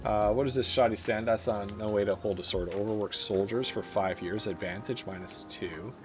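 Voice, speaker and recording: A man's voice: lowish voice, normal speed, music in the background. A man streaming a strategy game live, reading its event text aloud and dropping wry asides to his chat. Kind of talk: live gameplay commentary.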